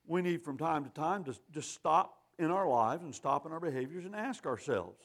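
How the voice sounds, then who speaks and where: A man's voice: fairly high pitch, expressive, normal speed, fairly bright tone. A man preaching a sermon in a folksy, emphatic way, quoting scripture.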